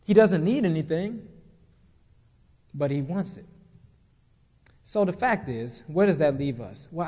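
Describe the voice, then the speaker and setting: Man, pastor, high voice, emphatic sermon, repeated phrases, long hall reverb. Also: fairly bright tone. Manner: emphatic preaching with repeated phrases and rising questions.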